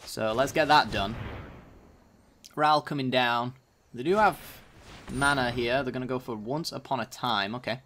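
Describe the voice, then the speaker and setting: A man's voice: mid-range voice, moderate pace, pauses often, fairly bright tone, a little hiss or hum. A man casually commenting on his own card game as he plays, thinking aloud about each move. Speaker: gaming channel host.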